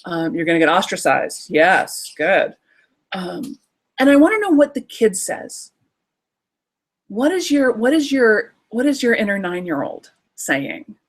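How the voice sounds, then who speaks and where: A woman leading a creativity workshop, talking straight to her listeners in a lively, animated way. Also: medium pitch, unhurried. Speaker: workshop teacher, creativity coach. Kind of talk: live online workshop talk.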